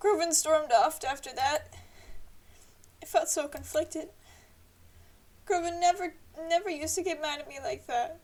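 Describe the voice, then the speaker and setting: A woman's voice: high voice, steady tone, moderate pace, darkish tone. A woman streamer reading through a story game and commenting on it playfully.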